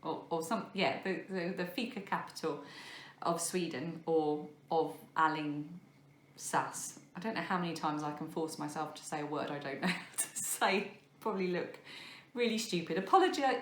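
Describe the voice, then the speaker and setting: Woman, 30s, rambling craft podcast host, lowish voice, roomy echo. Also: fairly bright tone. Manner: rambling, self-deprecating, many fillers. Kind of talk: casual chat showing crafts to camera. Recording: echoey room.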